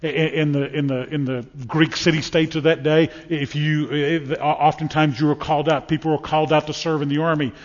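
A man preaching a sermon from the pulpit of a church, emphatic and dramatic, swinging from loud declarations to hushed, solemn lines. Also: on the high side, little pitch movement, brisk, hardly any pauses, in a large hall, muffled recording. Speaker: pastor. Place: church sanctuary.

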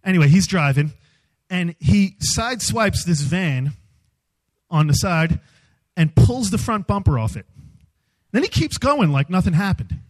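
Animated, self-mocking man telling a story. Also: high voice, measured pace, long pauses, poor audio. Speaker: youth speaker. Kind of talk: humorous storytelling sermon.

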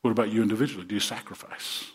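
A man's voice: on the low side, very fast. A male pastor preaching a sermon to his congregation in earnest, repeating words as he builds to rousing emphasis.

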